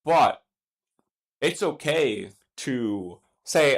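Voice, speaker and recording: A young man with a high, light voice rants through his commentary. He sounds exasperated and emphatic, swearing now and then as he argues his case. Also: expressive, a little slow, fairly bright tone. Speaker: streamer giving commentary. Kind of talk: ranting commentary.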